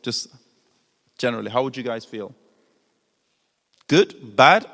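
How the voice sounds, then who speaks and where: A man's voice: mid-range voice, expressive, a little slow, creaky, sharp tone. A man teaching an audience, asking them questions as he explains. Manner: engaging, asks the audience questions. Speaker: Islamic teacher. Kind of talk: lecture to an audience. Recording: long hall reverb.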